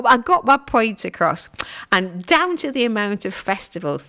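Lively chatty woman presenter. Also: on the low side. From Wales. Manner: chatty and playful, with self-mocking asides. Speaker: radio presenter. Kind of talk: chatty solo radio talk.

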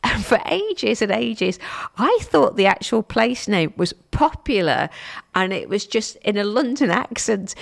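A woman's voice: medium pitch, lively intonation, normal speed, creaky. A woman presenting a local radio show, chatting casually and rambling through self-amused asides.

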